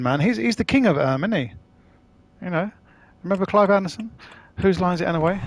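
A man's voice: sits high, moderate pace, vocal fry. A man chatting casually to his live-stream audience as he plays, rambling, swearing and using slang. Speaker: gaming streamer.

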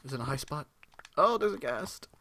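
A man giving live, excitable gameplay commentary, talking to himself, swearing and reacting loudly as he plays. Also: a little high, moderate pace, creaky, a little hiss or hum.

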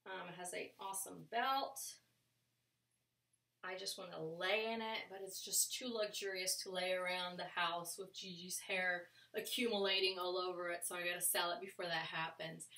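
Bright-voiced woman chatting in an echoey room. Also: fairly low pitch, steady tone, normal speed, creaky. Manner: chatty and rambling, with many fillers. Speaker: clothing reseller showing a thrift haul. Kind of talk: casual vlog chat. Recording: echoey room, mic at a distance.

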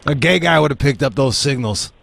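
A male radio host ribbing his co-host with crude, loud jokes. He laughs often and swears freely. His voice sits at a middle pitch. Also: animated, brisk, creaky, a little hiss or hum. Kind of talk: crude comedic radio banter.

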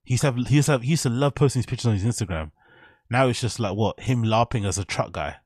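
A man's voice: mid-range voice, lively intonation, quick pace, darkish tone, slightly rough, no room sound, studio quality. A man hosting casual reaction commentary, mocking and profane as he rambles over clips. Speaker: commentary channel host.

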